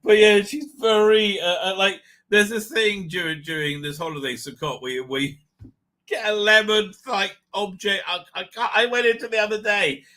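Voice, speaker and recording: Middle-aged male stream host, higher-pitched, very sharp tone, rambling and profane. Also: moderate pace. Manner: laughs often. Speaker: livestream host. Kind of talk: casual live chat.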